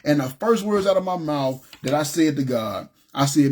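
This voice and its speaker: A man telling his personal testimony in an emotional, halting way, with many restarts, choking up at times. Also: fairly high pitch, lively intonation, a little mellow. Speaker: testimony speaker.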